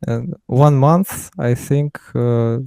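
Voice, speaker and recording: A man with a Russian accent, a mentee speaking English as a second language, halting and hesitant with many fillers. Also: mid-range voice, creaky, mellow, smooth. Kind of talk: casual chat.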